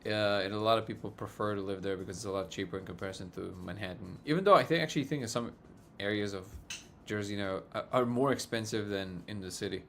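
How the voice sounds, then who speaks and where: A man's voice: fairly low pitch, quick pace, vocal fry, hardly any pauses, a bit bright, slight background noise. A man hosting a casual livestream, reading viewer comments aloud and joking with a frequent chuckle. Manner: jokey, chuckles often between remarks. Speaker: livestream host.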